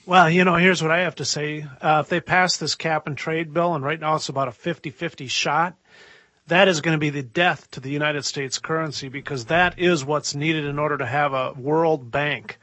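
A man's voice: fairly high pitch, steady tone, moderate pace, bright, forceful tone, no echo. A man who is a guest on a talk radio show, giving urgent, emphatic warnings. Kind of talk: earnest talk radio discussion.

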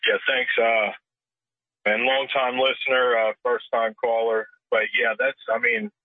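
A man's voice: mid-range voice, animated, a little slow, gravelly, dry recording. A man calling in to a radio show, talking earnestly and hesitantly with lots of fillers. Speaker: caller. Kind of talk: phone-in call. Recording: tinny phone line.

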